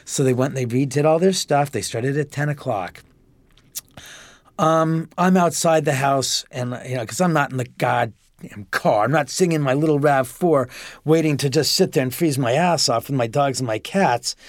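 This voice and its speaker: A man interviewed at length, telling a story in an animated way and swearing freely. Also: medium pitch, moderate pace, dry recording, clean studio sound. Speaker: homeowner interviewed about a haunting.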